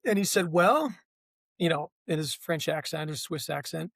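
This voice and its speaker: A man's voice: on the high side, animated, moderate pace, vocal fry, a bit bright, dry recording. A man, a guest on a podcast, telling his race story in a reflective, casual way.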